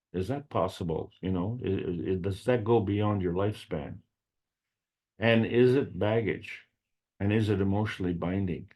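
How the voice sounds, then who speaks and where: A man presenting at an online meeting, speaking slowly in a rambling way with frequent fillers and restarts. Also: low-pitched, warm tone, breathy edge. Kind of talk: unscripted spiritual science talk.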